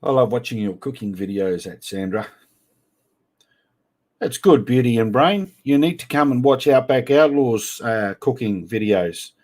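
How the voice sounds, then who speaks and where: A man's voice: mid-range voice, animated, measured pace, darkish tone. A man hosting a casual live stream, reading out viewer comments in a playful, teasing way. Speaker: livestream host.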